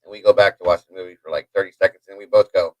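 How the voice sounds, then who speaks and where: Hyper, rambling man host, low voice. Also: steady tone, rapid-fire, a little mellow, dry recording, low-quality recording. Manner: hyper, rambling, chatty asides to viewers. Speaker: livestream host. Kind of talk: casual storytelling to a live chat.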